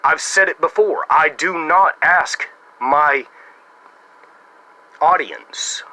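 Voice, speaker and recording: Sharp-voiced sarcastic American man. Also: fairly high pitch, slow, rough recording. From United States. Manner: sarcastic and mocking. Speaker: YouTuber making a response video. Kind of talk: casual talking-to-camera monologue.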